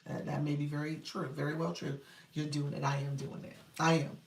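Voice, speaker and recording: In a casual home live stream, a middle-aged-sounding woman with a low, gravelly voice chats fairly quickly with little pitch movement, reading viewer comments aloud and laughing easily while a child is heard in the background. She sits back from the mic in an echoey room, so the audio is distant and roomy with slight background noise.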